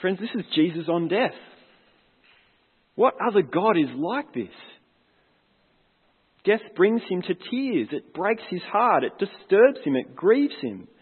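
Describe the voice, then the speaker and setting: A man's voice: high voice, very animated, a little slow, long pauses, breathy edge. A man preaching a sermon as a pastor, earnest and reflective, putting questions to his congregation. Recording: long hall reverb, tinny phone-like sound.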